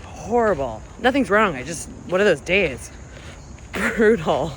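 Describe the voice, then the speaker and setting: A woman's voice: on the low side, very animated, unhurried, background noise. A woman vlogging about her running, talking candidly and chattily with lots of "like", worn out after a hard run and filming outdoors. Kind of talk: casual vlog chat.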